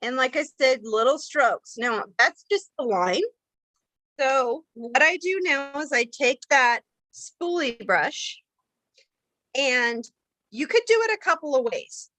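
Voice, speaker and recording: Chatty woman with a bright, higher voice. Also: expressive, slow, rough recording. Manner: chatty, rambling, lots of fillers and restarts. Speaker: makeup tutorial host. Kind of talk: casual how-to demonstration.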